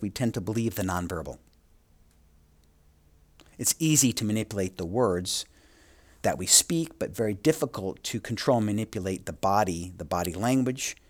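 A man teaching a course, reading from a textbook and adding quick asides, sometimes correcting himself as he reads. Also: lowish voice, a little mellow. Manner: reads aloud with asides and small self-corrections. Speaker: instructor. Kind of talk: reading a textbook aloud with comments.

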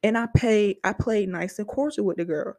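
A young woman hosts her own podcast and vents about a personal story, swearing freely and talking frankly. Her voice sits at an ordinary middle pitch and is recorded close up in a dry, deadened room. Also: moderate pace, a little mellow, no echo. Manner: heavy profanity, frank and heated venting. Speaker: podcast host. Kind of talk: casual storytelling monologue.

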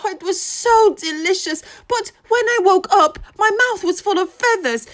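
A woman's voice: very high voice, moderate pace. A woman voicing a tearful young pig. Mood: tearful, panicky. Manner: tearful, stammering, non-standard grammar. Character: young farmyard pig, frightened and guileless.

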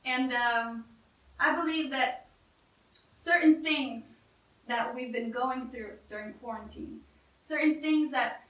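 A woman's voice: high voice, fairly bright tone. A woman preaching a sermon in an earnest, conversational way, often restarting her phrases. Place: church. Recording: echoey room, voice from a distance.

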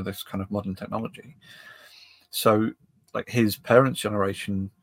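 A man's voice: lowish voice, dry recording. A man hosting a podcast in casual chat, rambling and often restarting his phrases. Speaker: podcast host.

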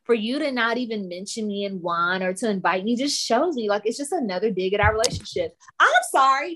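A woman co-hosting a casual podcast, recapping a reality show in a blunt, sassy, profane way. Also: fairly high pitch. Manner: sassy, blunt, profane, animated retelling with laughter. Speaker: podcast co-host.

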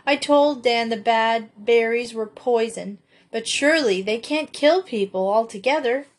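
A bossy, prim farm girl, as a woman reading a storybook aloud puts her on, speaking in a higher, scolding tone. She sounds disapproving and fussy. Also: unhurried. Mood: fretful.

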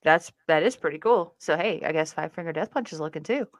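A woman co-hosting a casual podcast, playful and quick to laugh. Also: low voice, no echo, studio quality. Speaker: podcast co-host. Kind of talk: casual chat.

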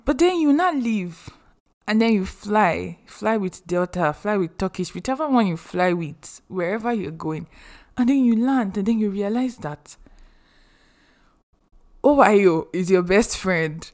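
A young woman from Nigeria, hosting a podcast and giving chatty, expressive advice with humorous asides. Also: mid-range voice, unhurried. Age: young adult. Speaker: podcast host. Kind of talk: casual advice monologue.

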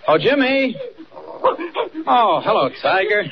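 An actor playing a commanding grown hero in 1940s radio acting style. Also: male voice, high-pitched, very animated, slow pace, a crowd in the background, exaggerated voice. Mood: urgent. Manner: commanding, coaxing a dog. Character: calm heroic grown man, Superman. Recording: dull old radio recording, far from mic.

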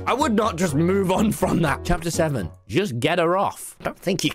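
A man's voice: high voice, moderate pace, hardly any pauses. A young man reading aloud and commenting with exasperated comedy. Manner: exasperated, animated. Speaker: streamer. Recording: background music.

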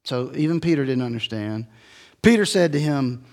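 A middle-aged man preaching an expository sermon in a relaxed, conversational teaching manner. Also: medium pitch, a little fast, in a large hall. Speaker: pastor.

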